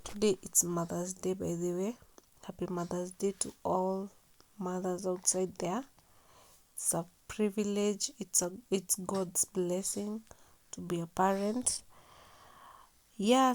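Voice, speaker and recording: Sleepy soft-spoken woman narrating. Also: medium pitch, steady tone, unhurried. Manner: sleepy, soft-spoken, occasional whispered words. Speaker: vlogger doing a cleaning voiceover. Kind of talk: casual voiceover narration.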